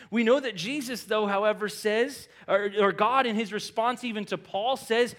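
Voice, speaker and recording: Middle-aged male pastor, slightly high voice, dynamic preaching that shifts from hushed asides to emphatic peaks. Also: moderate pace, few pauses. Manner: acts out quoted lines in conversational voices. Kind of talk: sermon.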